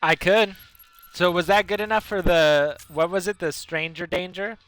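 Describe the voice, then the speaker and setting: Streamer type, male, bright, a bit high, rambling chat to viewers mid-game. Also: fairly even intonation, normal speed, no room sound, soft background music. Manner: rambling, reads out and answers chat. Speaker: gaming livestreamer. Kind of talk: casual chat over gameplay.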